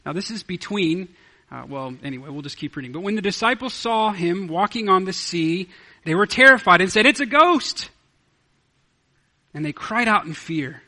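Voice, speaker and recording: A man preaching a sermon as pastor, swinging from loud declarations to hushed asides. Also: on the high side.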